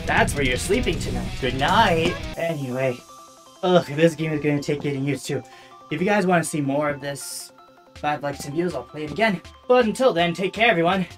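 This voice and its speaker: A woman's voice: low-pitched, normal speed, faint music behind. A woman streaming a VR game, casually commentating in a bossy, exasperated way, close to a desk microphone at home. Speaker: VTuber streamer. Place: home room, playing standing in VR.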